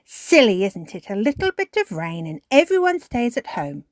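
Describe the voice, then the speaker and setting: A woman's voice: mid-range voice, very animated, moderate pace, no room sound, lightly acted. A woman voicing a chatty female shopkeeper rabbit in a matter-of-fact way for a storybook reading.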